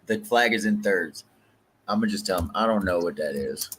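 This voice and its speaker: A laid-back American man chats on his stream in a fairly low voice. He jokes and swears casually. Faint room noise sits behind him. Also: lively intonation, moderate pace, fairly bright tone. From United States. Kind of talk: casual chat.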